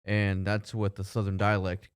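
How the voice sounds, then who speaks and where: A man's voice: on the low side, monotone, normal speed, clean tone, no echo, studio quality. A man co-hosting a podcast in casual chat, laid-back and explaining things. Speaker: podcast co-host.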